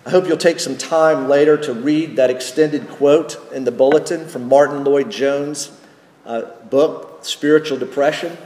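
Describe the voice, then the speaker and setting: Slow-preaching man in echoey church. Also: a little high, steady tone, darkish tone. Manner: slow, deliberate preaching with restarts and rhetorical questions. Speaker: pastor. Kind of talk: sermon. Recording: echoey church hall with long reverb.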